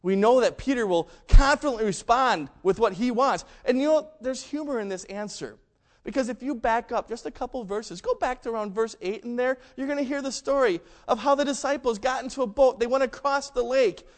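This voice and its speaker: A man preaching a sermon, telling a story and acting out the quoted lines with big swings between loud and quiet. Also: very high-pitched, a little fast. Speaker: pastor.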